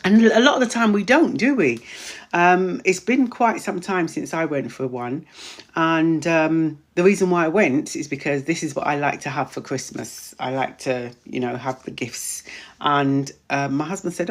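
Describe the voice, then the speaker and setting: Chatting casually on her live stream, a female menopause wellness practitioner welcomes viewers by name and says things more than once. She speaks at a normal speed in a low voice that is beginning to turn hoarse.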